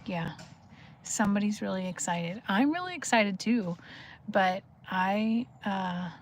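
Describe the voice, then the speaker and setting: Soft-spoken woman chatting from a car. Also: medium pitch, expressive, unhurried, a little hiss or hum. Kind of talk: casual chat.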